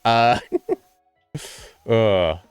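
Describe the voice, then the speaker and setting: A man's voice: lowish voice, drawn-out words, smooth, dry recording, soft background music. A man streaming and chatting casually with his viewers, rambling and swearing freely. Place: home streaming setup.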